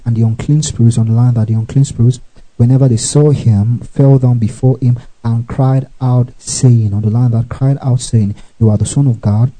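Guy teaching bible verses, deep mellow tone, keeps saying underline that, okay, right. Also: rough recording. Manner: repeats verse references and prompts listeners to underline; rhetorical checks, frequent okay and right.

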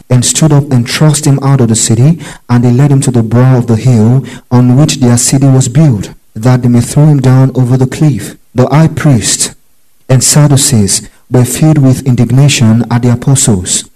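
A man's voice: medium pitch, mellow, rough recording. A man teaching a Bible study, reading verses aloud and telling listeners which words to underline.

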